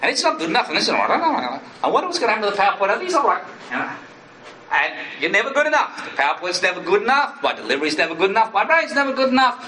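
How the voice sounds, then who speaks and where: A male pastor preaches earnestly in a slightly high, bright, forward voice. Now and then he acts out inner voices in sudden higher bursts. A big echoey hall carries his words over a faint hum. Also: very animated, racing, distant mic. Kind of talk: sermon.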